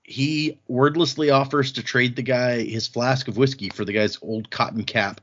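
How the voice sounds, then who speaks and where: A man's voice: mid-range voice, moderate pace. Guy on a podcast going over chapters, chatty, laughs a lot, does little voices for quotes, kinda dull lo-fi audio. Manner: animated, laughs often, slips into character voices for quotes. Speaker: podcast host recapping a book. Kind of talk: casual chat, recapping chapters with voiced quotes. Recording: dull lo-fi sound.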